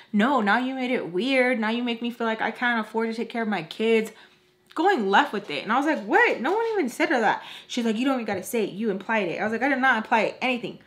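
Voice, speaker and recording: A young woman vlogger casually telling a storytime while doing her makeup, animated and exasperated, acting out the voices in her quotes. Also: medium pitch.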